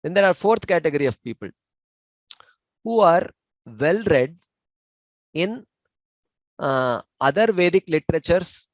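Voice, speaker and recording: A man's voice: on the high side, no echo, poor audio. Male scripture teacher, patient and explanatory, dry close sound, lots of "you know" and "uh". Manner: measured, explanatory, many fillers. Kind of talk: informal discussion.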